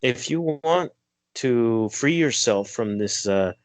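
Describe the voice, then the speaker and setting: A man's voice: medium pitch, expressive, slow pace, no room sound. A man guiding a hypnosis session, giving directions, counting to three and repeating his commands. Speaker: hypnotist and energy healer.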